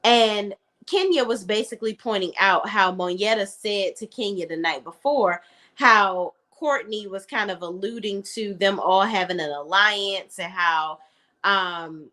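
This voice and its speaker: A woman's voice: mid-range voice, measured pace, bright, forceful tone. A woman reviewing a reality show in a casual, blunt, opinionated chat.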